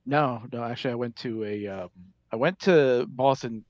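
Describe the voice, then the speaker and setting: A man's voice: medium pitch, normal speed, darkish tone, no echo, lo-fi sound. A man co-commentating a live game tournament, telling stories in a laid-back, easygoing way.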